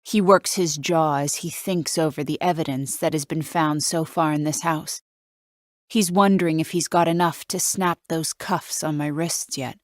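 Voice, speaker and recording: Audiobook narrator: woman, low voice, wry and measured first-person read, dry close sound. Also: fairly even intonation, dry recording.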